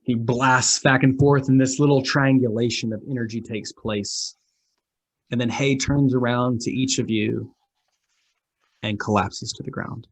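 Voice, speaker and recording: A man's voice: medium pitch, fairly even intonation, measured pace. Man narrating as game master. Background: background music.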